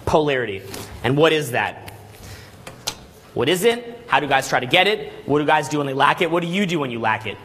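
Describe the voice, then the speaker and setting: A man telling a story to a class as a dating coach, animated and constantly checking in with "right?" and "okay?". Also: on the high side, fairly quick, slight background noise. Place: Los Angeles.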